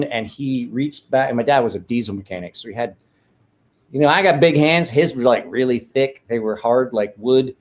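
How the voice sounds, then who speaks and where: A medium-pitched, slightly mellow male voice belongs to a livestream host chatting casually from home with a beer in hand. His stories ramble and are full of profanity, and he frequently restarts and corrects himself.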